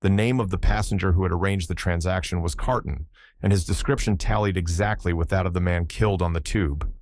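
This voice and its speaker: A man reads a novel aloud in a measured, steady storytelling voice. His tone sits very low, and the sound is dry and close to the mic. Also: no echo. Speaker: audiobook narrator. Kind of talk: first-person audiobook narration.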